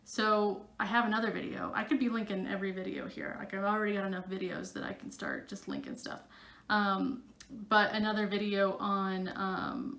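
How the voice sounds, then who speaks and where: A woman's voice: medium pitch, fairly bright tone, echoey room. A woman psychic coach talking casually to her camera, chatty and full of fillers.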